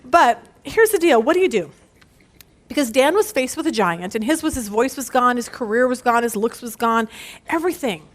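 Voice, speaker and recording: A woman's voice: a little high, moderate pace. A woman leading a women's Bible study, telling stories casually and with animation, often laughing at them. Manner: animated storyteller who laughs at her own stories; casual and conversational.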